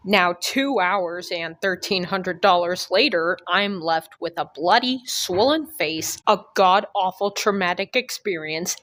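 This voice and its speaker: A woman's voice: fairly low pitch, a little slow, hardly any pauses, fairly bright tone, no echo. Sarcastic young woman telling a storytime. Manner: sarcastic, crude, exaggerated jokes. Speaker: storytime vlogger. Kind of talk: comedic storytime narration.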